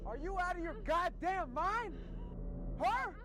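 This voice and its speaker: A man playing an agitated backwoods man, shouting. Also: extremely high pitch, animated, slow, background noise, heavily acted. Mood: incredulous. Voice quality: forced country accent. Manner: shouting, incredulous. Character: agitated rural man accused of kidnapping. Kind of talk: indie horror short film acting.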